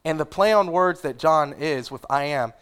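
A man's voice: a little high, normal speed, fairly bright tone, smooth. A man preaching a sermon in a conversational, casual way, with asides and fillers. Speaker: pastor.

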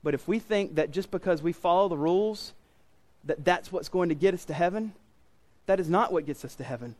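A man's voice: high-pitched, brisk, darkish tone. Brief: male pastor preaching in church, emphatic and earnest, driving points home by repetition. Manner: earnest, emphatic, repeats key phrases. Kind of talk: sermon.

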